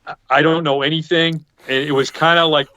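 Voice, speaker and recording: A man's voice: fairly high pitch, little pitch movement, fairly quick, pushed and bright, dry recording. A man telling a rambling story in a casual chat over a video call, acting out what other people said. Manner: rambling, acts out quoted people. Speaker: podcast panelist. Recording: dull lo-fi video call audio.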